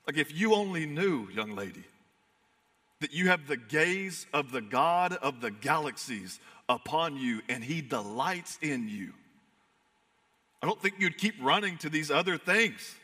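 A man preaching a sermon in an earnest, emphatic way, swinging from fired-up to hushed. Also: a little high, expressive, unhurried, in a large hall. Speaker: pastor.

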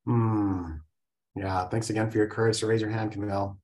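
A woman co-hosting, speaking softly as she calls on participants in a group call. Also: extremely low pitch, level tone, normal speed.

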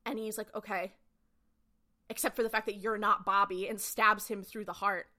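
A woman's voice: mid-range voice, level tone, normal speed, pushed and bright. A woman podcast co-host casually recapping a TV episode, chatty and full of "like" fillers.

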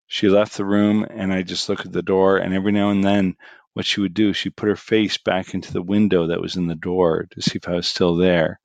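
A middle-aged man telling a personal story in a casual, animated way, his voice rising for the punchlines. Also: deep voice, a little fast, gravelly, dry recording.

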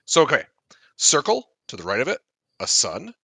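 A man's voice: a little high, wildly swooping pitch, moderate pace, gravelly, pushed and bright, slightly rough, dry recording. A man playing a tabletop game, joking and describing a drawing for listeners. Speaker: player. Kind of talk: casual tabletop game banter.

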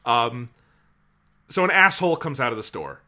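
Podcast host, man, bright and animated storyteller, casual and profane. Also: medium pitch, moderate pace. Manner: animated, swears freely.

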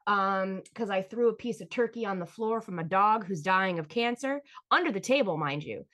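A woman's voice: mid-range voice, expressive, moderate pace, a bit bright. A woman hosting her own podcast, telling personal stories in a candid, blunt and profane way and speaking straight to her listeners. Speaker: podcast host. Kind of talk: candid solo storytelling.

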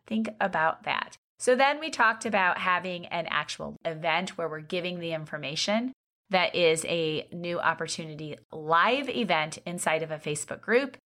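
A middle-aged woman giving an energetic motivational coaching talk on network marketing, talking to listeners as "you guys" and acting out sample sales conversations. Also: on the low side.

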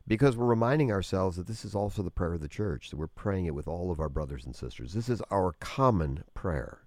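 A man's voice: low-pitched, expressive, fairly quick, a little mellow, no room sound, studio quality. A man teaching earnestly in conversation, explaining at length with frequent restarts. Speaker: guest teacher on prayer.

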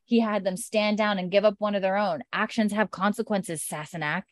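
A woman voicing a stern, commanding grown man in a lowered, measured delivery while recapping a show. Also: fairly even intonation, dry recording, clean studio sound, lightly acted.

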